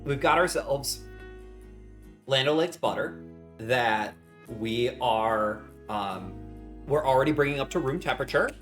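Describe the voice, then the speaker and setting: A man's voice: medium pitch, lively intonation, a little slow, pauses often, a bit bright, faint music behind. A young man streaming casually from his home kitchen while he bakes, rambling cheerfully and greeting his chat with strings of hellos.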